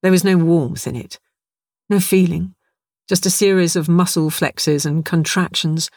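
A man's voice: fairly high pitch, fairly even intonation, measured pace, darkish tone, no echo, studio quality. A man narrating a first-person story in a vivid, darkly wry way.

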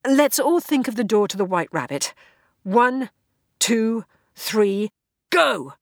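A woman voicing a brash, bossy young male adventurer who talks loud and hurried. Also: fairly high pitch, sing-song, no room sound, studio quality, pitched above the performer's own voice, full character voice. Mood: urgent.

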